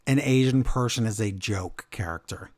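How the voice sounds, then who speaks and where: A man hosting a wrestling podcast, recapping the show in an animated way and acting out quotes. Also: fairly low pitch, moderate pace. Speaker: podcast host. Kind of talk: casual chat recapping wrestling.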